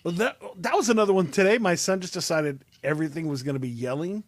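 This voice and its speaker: A man's voice: on the high side, fast, no echo. A man hosting a casual web show over a remote call, talking with many fillers and restarts. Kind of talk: casual chat.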